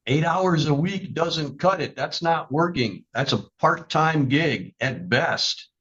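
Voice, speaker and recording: A man's voice: a little high, expressive, takes it slowly, a bit bright, lo-fi sound. A man presiding as a judge at a court hearing, stern and lecturing.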